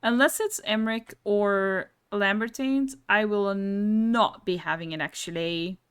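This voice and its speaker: A woman's voice: mid-range voice, slow, clean tone. A young woman giving casual commentary while playing a game, blunt and swearing casually, often laughing at herself. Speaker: gaming streamer.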